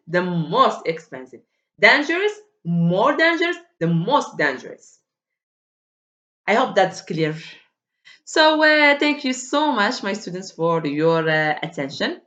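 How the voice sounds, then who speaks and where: Lively woman teaching English grammar. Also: on the low side. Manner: hesitant, many fillers, lively drilling of word forms. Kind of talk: online grammar lesson. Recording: dull, echoey room.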